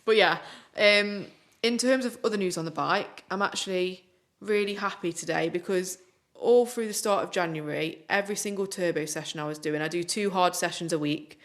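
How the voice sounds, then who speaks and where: Chatty young woman, lowish voice. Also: moderate pace, hardly any pauses. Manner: chatty and upbeat, many "like" fillers. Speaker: podcast co-host. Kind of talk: casual podcast chat.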